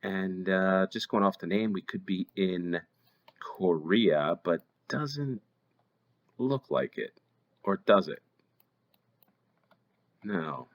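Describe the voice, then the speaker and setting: American guy w a low voice mumbling through a geo guessing game, lots of ums. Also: slow, long pauses, muffled recording. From United States. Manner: thinking aloud, hesitant, many ums. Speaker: game show host. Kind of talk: play-along gameplay commentary.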